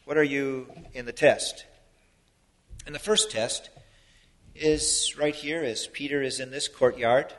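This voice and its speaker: A man preaching a sermon in an earnest, explanatory way, his loudness rising and falling for emphasis. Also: mid-range voice, fairly even intonation, slow pace, long pauses. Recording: long hall reverb.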